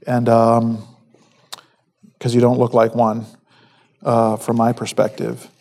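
A man giving a conversational sermon, halting with fillers and restarts, acting out quoted lines. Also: mid-range voice, monotone, a little mellow. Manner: acts out quoted speech. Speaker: preacher.

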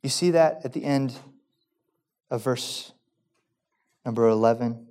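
A pastor giving a sermon, preaching emphatically and asking his listeners rhetorical questions, now loud, now quiet. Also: mid-range voice, measured pace, long pauses, smooth.

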